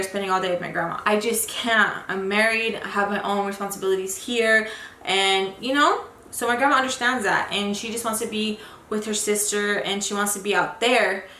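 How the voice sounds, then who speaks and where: This vlog features a young woman's mid-range voice at normal speed, bright and forceful in tone, recorded in an echoey space with faint noise. Frustrated, she rambles casually through a lengthy personal story packed with fillers.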